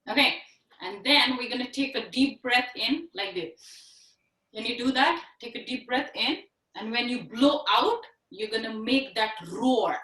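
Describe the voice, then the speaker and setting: Bright, slow-spoken woman teaching kids' yoga. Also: a little high, distant mic. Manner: patient, encouraging, slow and clear. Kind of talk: online class instruction for children. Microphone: video call. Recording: echoey room on a video call.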